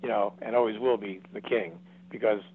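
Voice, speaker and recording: A man's voice: lowish voice, fairly even intonation, a little fast, husky. A man in his seventies, a guest telling long rambling stories with lots of restarts and acted-out quotes. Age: 70s. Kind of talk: casual storytelling. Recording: dry tinny phone-like line.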